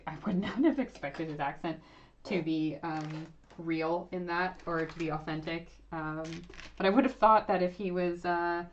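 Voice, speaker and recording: A woman in her thirties chats through a casual livestream Q&A as host, her slightly low voice meandering with fillers and restarts. The sound is dull and lo-fi, as if through a basic setup. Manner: chatty, rambling, frequent fillers and self-corrections. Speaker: archaeologist YouTuber hosting a livestream.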